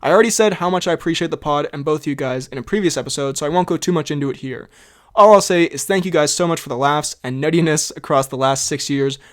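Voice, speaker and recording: A man's voice: a little high, fast talker. A young man co-hosting a podcast, reading out listener comments with jokey asides and frequent laughter. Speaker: podcast co-host.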